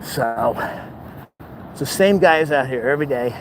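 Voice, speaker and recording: A man's voice: medium pitch, lively intonation, unhurried. A man chatting casually in a walking vlog, out of breath and overheated, rambling and exclaiming often as he records outdoors near an airport. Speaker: vlogger. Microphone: camera held while walking. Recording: outdoor street noise.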